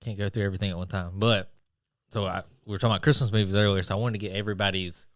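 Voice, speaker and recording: A man co-hosting a casual podcast, steady and low-key as he moves the talk along. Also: racing, no room sound, studio quality. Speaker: podcast co-host running the segment. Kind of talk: casual chat.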